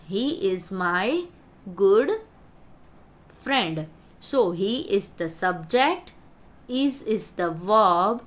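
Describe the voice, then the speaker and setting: A woman teaches grammar to young students. She talks at an unhurried pace and spells out key words letter by letter. Her pitch sits in an ordinary middle range. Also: a bit bright. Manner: slow, deliberate explaining, spells out words. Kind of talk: grammar lesson for schoolchildren.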